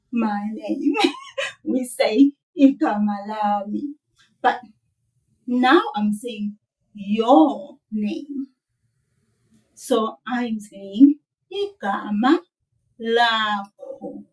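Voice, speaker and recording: A woman teaching a children's language lesson, modeling words slowly and playfully with laughs. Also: on the high side, animated, a little mellow, far from the mic, poor audio. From South Africa.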